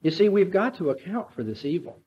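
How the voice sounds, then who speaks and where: A man delivers an apologetics lecture in a slightly high voice, earnest and emphatic as he presses his point on the listeners. The sound is muffled and lo-fi, like an old archival lecture tape. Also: big pitch swings, brisk. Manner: earnest, emphatic, direct address to audience.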